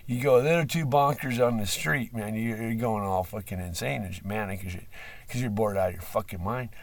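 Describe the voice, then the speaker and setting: A man rambles through an unscripted monologue, swearing often and stumbling over fillers, lurching from sudden loud bursts to low mumbles. His voice is gravelly and husky. He sits a bit back from the microphone, so he sounds distant. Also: a little fast, no echo. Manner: rambling, profane, with frequent fillers and laughs; swings between loud outbursts and mumbling. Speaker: livestream host.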